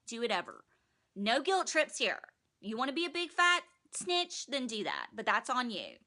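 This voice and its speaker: A woman's voice: on the high side, wildly swooping pitch, normal speed, pushed and bright, exaggerated voice. A woman putting on a sarcastic young woman who talks in a mocking, sing-song, profane way. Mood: passive-aggressive.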